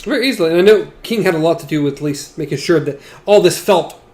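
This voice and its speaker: A man co-hosting a book podcast in casual chat, relaxed, sometimes reading passages aloud. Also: fairly high pitch, fast talker. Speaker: podcast co-host.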